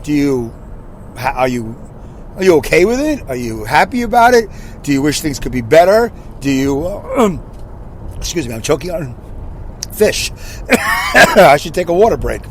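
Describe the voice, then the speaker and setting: A man's voice: a little high, huge pitch swings, measured pace, long pauses, a little hiss or hum. A man in his sixties hosting a casual solo podcast from his car, rambling and correcting himself, and asking listeners questions. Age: 60s. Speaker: podcast host.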